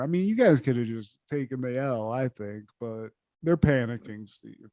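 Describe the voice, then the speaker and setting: A man co-hosting a podcast, retelling a sitcom episode in a profane, animated, casual way. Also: moderate pace, few pauses, no room sound. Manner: profane, animated retelling, trails off low when addressing his co-host. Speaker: podcast co-host.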